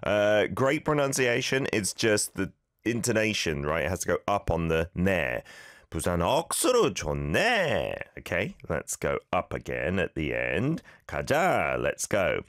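A man's voice: sits low, expressive, moderate pace, a bit bright, no echo, studio quality. A man hosting a radio show, teaching listeners Korean phrases in a chatty, friendly way and laughing along with their clips.

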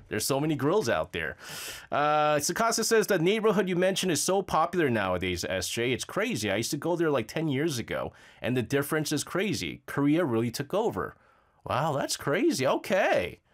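Male radio host, animated pitch, rambling, filler-heavy casual chat, studio. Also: moderate pace. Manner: lively, rambling, frequent fillers and stammers. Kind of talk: casual radio chat reading listener messages.

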